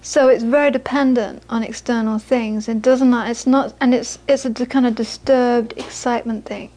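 A woman teaching Buddhism to a live audience, moving from lively anecdotal storytelling into quiet, reflective teaching. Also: fairly high pitch, normal speed. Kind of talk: dharma talk to a live audience.

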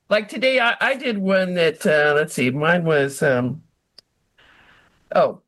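A woman in a casual group conversation, explaining animatedly and rambling with many restarts. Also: deep voice. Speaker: haiku group member.

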